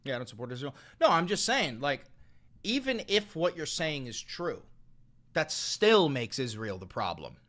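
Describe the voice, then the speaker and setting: A man's voice: a little high, big pitch swings, moderate pace, fairly bright tone. Profane, mocking live-stream commentator man. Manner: heated, profane, mocking rants.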